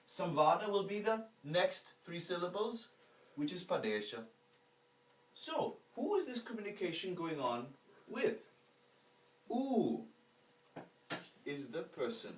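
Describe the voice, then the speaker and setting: Man, teacher, animated delivery, slow explanations, rhetorical questions, echoey room, far from the mic. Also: high-pitched, a little hiss or hum. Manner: explains terms slowly, asks rhetorical questions. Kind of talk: spiritual lecture with call-and-response recitation.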